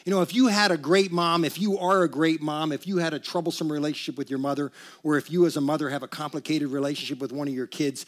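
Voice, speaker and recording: A man's voice: on the high side, steady tone, fast talker, hardly any pauses. A man preaching a sermon in a church, talking with the congregation, leading them in reciting, and joking along the way. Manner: conversational preaching with humor and call-and-response. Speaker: pastor. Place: church sanctuary.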